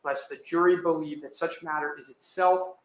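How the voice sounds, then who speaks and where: A man's voice: a little high, fairly even intonation, moderate pace. Man arguing firmly in echoey courtroom. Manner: firm, citing case law. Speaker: defense attorney. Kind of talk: courtroom argument.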